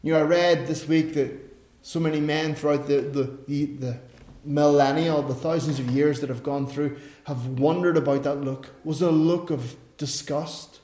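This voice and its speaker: A high-pitched man preaches a sermon in a roomy, echoing space. His delivery is animated storytelling that swings between soft asides and sudden loud emphasis. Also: moderate pace. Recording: echoey room.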